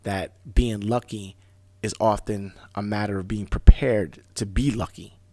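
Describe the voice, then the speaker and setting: A man hosting a talk radio show, telling stories in a casual, animated way, often restarting words. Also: on the low side, dry recording. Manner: animated storyteller, fast bursts, repeats and restarts words. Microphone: studio microphone.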